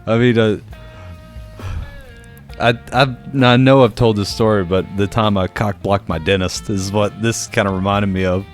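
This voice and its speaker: Lowish and moderately paced, this young podcast co-host's voice carries a filler-heavy, casual story over faint background guitar. He tells it animatedly, performing different voices.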